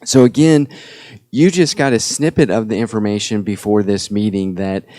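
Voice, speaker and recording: Low-voiced man facilitating a meeting. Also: fairly even intonation, moderate pace, mellow.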